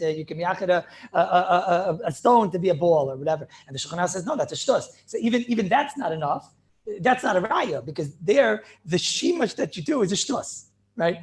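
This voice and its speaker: A middle-aged man teaching an informal Talmud class, talking in a conversational, repetitive way and dropping in Hebrew and Yiddish terms. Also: high-pitched. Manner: conversational, repeats himself, peppers speech with Hebrew and Yiddish terms. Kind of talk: informal yeshiva shiur with student questions.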